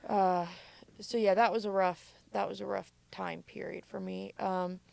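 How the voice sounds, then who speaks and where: Vocal-fry woman telling her story. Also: mid-range voice, level tone, measured pace, darkish tone. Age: adult mother. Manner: casual, frequent filler "like". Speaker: podcast guest. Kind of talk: candid personal storytelling.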